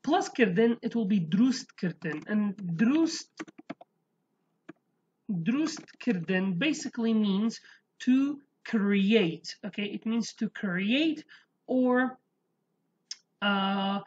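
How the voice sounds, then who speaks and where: A woman teaching a casual language lesson over slides. She repeats words slowly and keeps checking in with "okay?". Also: mid-range voice, lively intonation, a little mellow, dull audio, a little hiss or hum.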